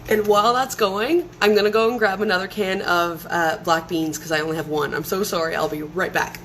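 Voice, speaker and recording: A woman with a fairly low voice talks through a cooking demo in her own kitchen. She chats loosely, trailing into fillers and restarting her sentences, with a faint hiss in the background. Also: fairly even intonation, brisk, fairly bright tone, rough recording. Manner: chatty, rambling, frequent fillers and restarts. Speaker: home cooking presenter. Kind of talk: casual cooking demonstration. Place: home kitchen.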